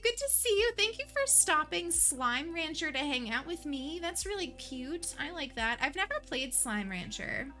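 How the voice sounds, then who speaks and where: A woman hosting a livestream, chatting casually and warmly with her viewers, emotional and laughing often. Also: high voice. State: emotional, near tears. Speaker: livestream host.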